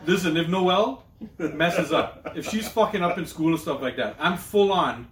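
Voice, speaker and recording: A man's voice: on the high side, normal speed, fairly bright tone, echoey room, far from the mic, slight background noise. A man co-hosting a podcast, telling loose, profane stories in casual chat. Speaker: podcast co-host.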